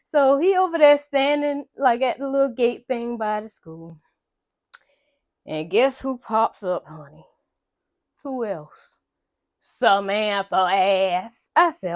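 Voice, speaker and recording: A woman's voice: sits high, animated, unhurried, no echo. A woman vlogger chatting through a casual movie recap in a slangy, rambling way. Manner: chatty, slangy, full of blah blah.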